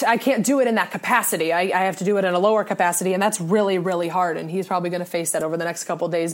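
A young woman talking earnestly in a casual monologue, often restarting her sentences. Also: medium pitch. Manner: earnest, rambling with many restarts.

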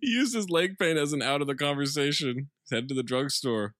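Bright-voiced man recapping a movie. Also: a little high, fairly quick, no room sound, studio quality. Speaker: podcast co-host recapping a film. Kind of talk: casual comedic movie recap.

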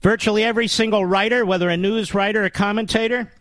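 A man's voice: high voice, fairly even intonation, fast, fairly bright tone, no room sound. A man hosting a political talk radio show in a monologue, combative and sarcastic, with mocking nicknames.

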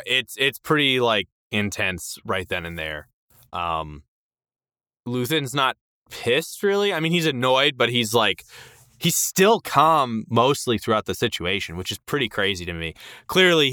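Recorded dry with clean studio sound, this podcast co-host speaks at medium pitch and an unhurried pace. He casually recaps a TV episode with animation, voicing the characters' lines while he retells it.

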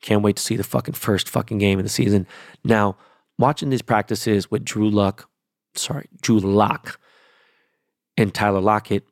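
Man, lower register, rambling profane monologue, emphatic, dry close sound. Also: steady tone, brisk, no echo.

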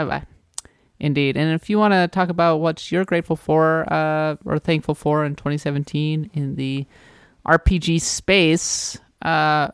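A man co-hosting a casual podcast chat, talking in a relaxed way with frequent fillers and restarts. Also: fairly high pitch, gravelly, smooth, no echo, clean studio sound. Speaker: podcast co-host.

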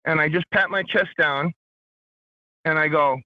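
A man calling in to tell a story about nearly dying, in a casual, animated way. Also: on the high side, measured pace, no room sound, highs cut off. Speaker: caller.

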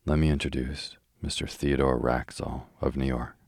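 A man's voice: rumbling low, level tone, normal speed, vocal fry, a little mellow, slightly rough, no room sound, clean studio sound, full character voice. Man reading as a polite hotel proprietor. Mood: courteous. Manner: polite, deferential. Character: courteous suave male hotel owner. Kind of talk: calm audiobook reading.

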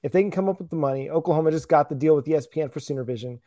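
A man's voice: fairly high pitch, rapid-fire, mellow, no echo, clean studio sound. A man as a guest on a sports podcast, talking casually and hesitantly, often correcting himself.

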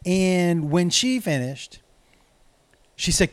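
A man's voice: on the high side, unhurried, dry recording. A man telling a profane comic story in a casual way, acting out the other people's lines. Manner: profane, animated, acts out quotes. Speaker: comedian storyteller.

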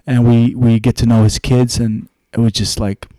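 A man's voice: medium pitch, flat delivery, normal speed, mellow, no room sound. Musician guest, male, loose anecdotal talker, dry recording. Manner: rambling anecdotal storytelling. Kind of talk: casual interview chat.

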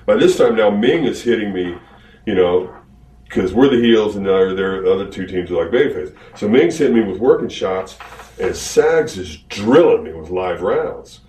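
A man's voice: fairly low pitch, normal speed, roomy sound, distant mic, rough recording. A man casually telling a rambling story about an old wrestling match. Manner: rambling, animated retelling. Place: archived interview played on a podcast.

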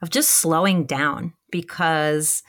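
Woman, 30s, podcast co-host; slightly low voice, calm reflective delivery, frequent fillers. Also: takes it slowly. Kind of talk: casual podcast chat.

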